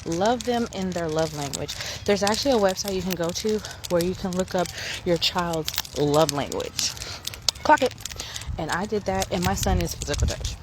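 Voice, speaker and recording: On a noisy outdoor phone recording, a thirty-something vlogger walks through her morning while ranting casually to camera. She's frank and emphatic and swears freely, her fairly low voice moving at a moderate pace.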